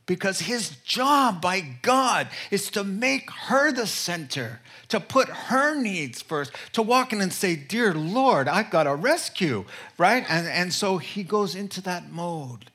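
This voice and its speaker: Male pastor, bright slightly high voice, animated storyteller who drops to a hush for emphasis. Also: slow, hardly any pauses, breathy edge. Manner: animated storytelling with wide pitch swings; drops to soft, quiet delivery for emphasis. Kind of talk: sermon.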